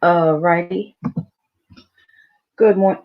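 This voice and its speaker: A woman's voice: fairly low pitch, animated, unhurried, muffled recording, soft background music. A woman hosting a casual livestream, chatty, repeating her greetings and calling on viewers directly. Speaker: livestream host.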